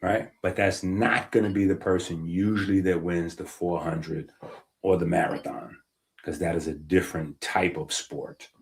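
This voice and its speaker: A man's voice: low-pitched, steady tone, moderate pace, vocal fry. A man giving a casual, emphatic health-talk monologue, reading passages aloud and often checking in with "right?". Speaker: health streamer.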